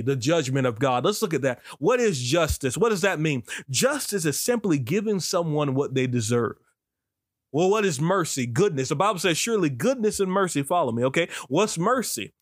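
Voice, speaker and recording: A man's voice: dry recording, studio quality. Exuberant man preaching, whooping. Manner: exclamatory, preaching cadence with sudden high whoops. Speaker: preacher and podcast host.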